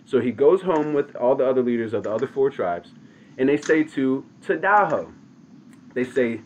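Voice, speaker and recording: A man retells a story in loose, animated street slang, pulling his listeners along. His voice sits at an everyday pitch. A faint hiss runs underneath. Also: normal speed. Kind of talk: casual oral storytelling.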